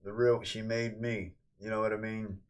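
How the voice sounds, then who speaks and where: A man's voice: on the low side, flat delivery, moderate pace, clear, resonant tone. A man chatting casually on a livestream, rambling and ranting, cursing freely and thanking viewers.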